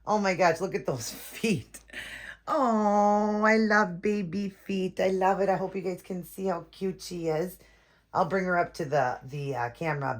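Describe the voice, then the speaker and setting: A woman vlogging as she unboxes a doll, talking casually to her viewers and gushing with frequent exclamations. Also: deep voice.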